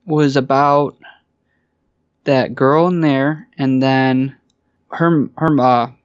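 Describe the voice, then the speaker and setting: A man's voice: medium pitch, fairly even intonation, extremely slow, clear, resonant tone, dry recording, lo-fi sound. A man talking casually as a guest about his experiences, hesitant, with many fillers and restarts. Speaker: guest caller. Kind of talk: casual interview chat.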